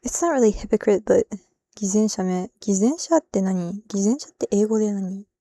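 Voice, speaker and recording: A woman chats casually on a live stream, thinking aloud and switching between Japanese and English as she works out translations. Her voice has a gravelly, fry-tinged texture and is recorded very dry, with no room sound. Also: mid-range voice, fairly quick, dark tone, no echo.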